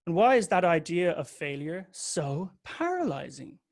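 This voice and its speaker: A man's voice: a little high, sing-song, a little slow, darkish tone. A man giving a candid, confessional talk that mixes a personal story with occasional swearing. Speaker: public speaker.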